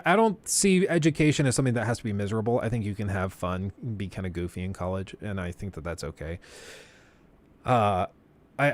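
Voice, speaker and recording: Lively, laughing male streamer. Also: mid-range voice, no echo. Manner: animated storyteller, laughs often and acts out the people he quotes. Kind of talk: casual storytelling on a livestream.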